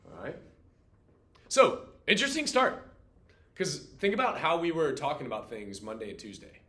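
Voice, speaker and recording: Man, Latin teacher, bright forceful tone, playful quizzing, echoey classroom. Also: mid-range voice, big pitch swings. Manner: playful, quizzes students, quick asides. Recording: echoey classroom room sound.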